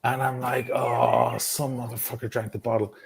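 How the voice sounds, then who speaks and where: A man telling a wild story in casual chat, swearing freely and animated. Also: medium pitch, normal speed, gravelly, a crowd in the background. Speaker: guest storyteller.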